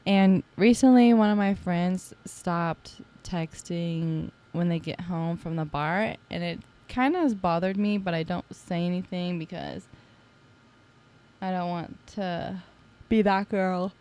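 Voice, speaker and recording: Young woman rambling on her podcast, kinda low voice, jokey and chatty, says like a lot. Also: slow pace, warm tone. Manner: chatty and playful, with many fillers like "like"; teasing, jokey asides. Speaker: podcast host. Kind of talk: casual solo podcast chat.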